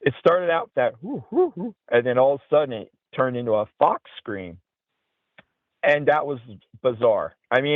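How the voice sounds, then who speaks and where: Heard over a thin, phone-like line without any room sound, a medium-pitched man rambles through a tale, using "you know" again and again. He is the interview's guest, an outdoorsman and paranormal investigator.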